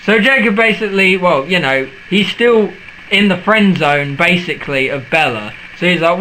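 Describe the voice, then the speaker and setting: A young man with a high, bright voice, ranting to camera in a profane, sarcastic vlog. He mocks everything he retells and swears constantly. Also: moderate pace, slight background noise, low-quality recording. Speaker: vlogger. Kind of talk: ranting film rant vlog.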